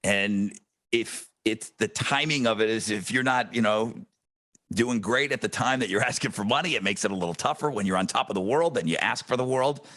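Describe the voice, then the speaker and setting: A man's voice: on the low side, brisk. A man co-hosting a podcast in casual chat, telling stories with plenty of swearing. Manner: animated storyteller, swears freely. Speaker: podcast co-host; radio host.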